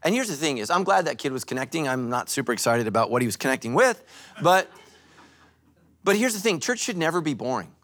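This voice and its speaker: A male pastor giving a sermon at a church service, joking and telling animated stories. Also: a little high, fast talker. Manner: animated, joking, storytelling preacher.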